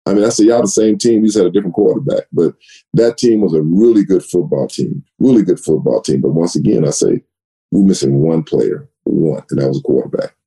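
This retired running back speaks low and gravelly at a brisk clip, sharing stories in an interview recorded poorly in his home office. Animated and conversational, he repeats words and performs the quoted dialogue of past conversations.

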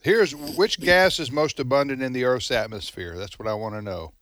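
A man's voice: mid-range voice, moderate pace, fairly bright tone, slight background noise. A man hosting a radio trivia segment, teasing his co-hosts with dry humor. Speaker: radio host. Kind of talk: casual radio chat.

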